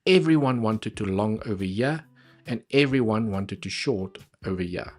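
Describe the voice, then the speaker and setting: A man's voice: lowish voice, expressive, moderate pace, darkish tone. A man talking casually through trading charts on a live stream, chatty and repeating points for emphasis.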